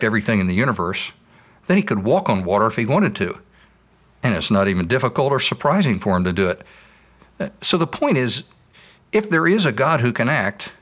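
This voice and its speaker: A man's voice: medium pitch, a bit bright. A man patiently explaining his views in a scripted dialogue, using stories. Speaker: apologist answering questions.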